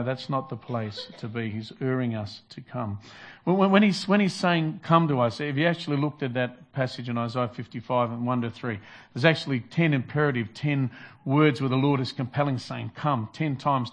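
A man preaching a sermon in an earnest, repetitive style, restarting phrases as he builds his points. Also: medium pitch. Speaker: pastor.

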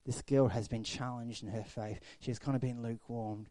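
A middle-aged pastor preaching a sermon, his voice mellow and relaxed. He moves between loud, lively storytelling and quiet, intimate passages. The sound is close and dry. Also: medium pitch, normal speed, dry recording.

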